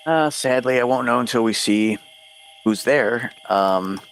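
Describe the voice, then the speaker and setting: A man playing a tabletop game, explaining plans and rules in a measured way. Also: medium pitch, fairly bright tone, slight background noise. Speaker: player.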